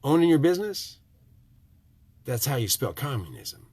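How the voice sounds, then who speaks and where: Husky nasal man with a Michigan accent. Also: very animated, normal speed, dry recording. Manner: emphatic and preachy, swinging from loud outbursts to low, hushed asides. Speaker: tiny house builder. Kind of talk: ranting monologue to viewers.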